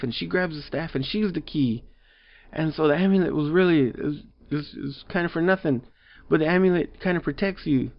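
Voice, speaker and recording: Man, rambling movie review, exasperated, filler-heavy, mid pitch, slightly muffled audio. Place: home room.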